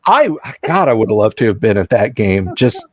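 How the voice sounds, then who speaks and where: Hosting a livestream, a man talks casually about tabletop games and tells animated stories, performing the quoted lines in different voices. His voice is on the low side and fairly quick.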